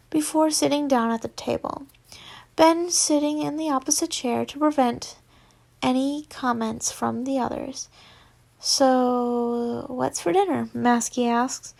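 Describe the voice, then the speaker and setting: A woman's voice: sits high, gravelly, a little mellow. A young woman reading a fanfiction story aloud casually, stumbling over words and chatting in asides. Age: young adult. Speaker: fanfiction reader.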